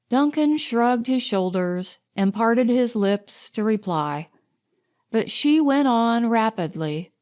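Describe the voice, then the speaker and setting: A woman narrating an audiobook, reading in a measured, unhurried way. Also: fairly high pitch, animated, darkish tone. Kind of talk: scripted narration.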